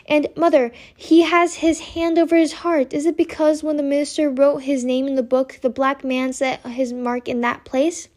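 A woman's voice: sits high, little pitch movement, moderate pace, few pauses, a little mellow, pitched above the performer's own voice, natural voice. Pearl, a woman voicing an eager little girl. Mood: curious.

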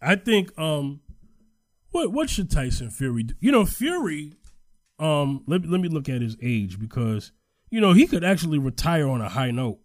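A man co-hosting a casual chat, animated when excited and trailing off quietly while he checks facts. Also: on the high side, moderate pace, dry recording, clean studio sound.

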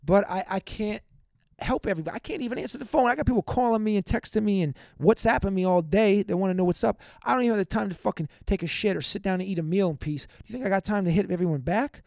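Profane high-voiced man venting on a podcast. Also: quick pace, creaky, no room sound, studio quality. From United States. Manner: profane, rambling, shouts out listeners. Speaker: podcast host. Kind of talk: casual venting monologue.

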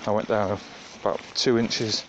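A man vlogging casually while walking dogs on a muddy country path, chatting to the camera between loud calls to his dogs. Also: fairly low pitch, steady tone, unhurried. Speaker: dog walker. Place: outdoors on a muddy rural path. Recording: muffled outdoor recording with background noise.

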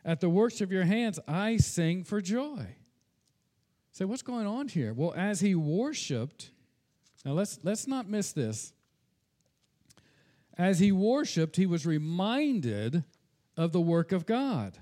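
A man's voice: sits high, sing-song, slow pace, mellow. A pastor preaching a sermon in an earnest tone, slipping into casual asides and repeating words when he speaks off the cuff.

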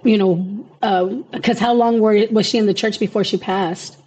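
A woman's voice: medium pitch, fairly even intonation, moderate pace, a little mellow, slightly rough, low-quality recording. A woman interviewing a guest, asking questions hesitantly with many fillers.

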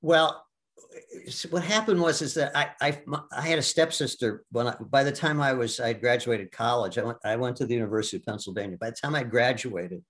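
A man in his seventies from the US Midwest, telling his life story as a guest in a casual interview, halting with many restarts and fillers. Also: mid-range voice, fairly bright tone. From Milwaukee, US Midwest. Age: 70s. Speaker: guest, stage actor.

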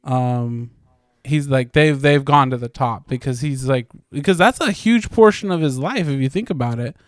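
This is a man in his thirties co-hosting a podcast. His voice is smooth and resonant, at an ordinary middle pitch. He talks in a loose, rambling way, with plenty of likes and casual swearing, and the recording is dry and close. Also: normal speed, dry recording. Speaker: podcast co-host. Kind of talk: casual chat.

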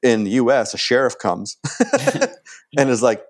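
A man, chatting casually as a guest and telling an animated story. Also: mid-range voice, takes it slowly. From Canada. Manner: animated storyteller acting out quoted lines.

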